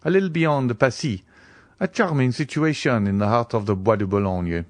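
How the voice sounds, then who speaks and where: A man's voice: medium pitch, moderate pace, dry recording, natural voice. A man playing a fawning provincial notary. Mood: obliging. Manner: eager, obliging. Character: fawning provincial male notary, fee-minded.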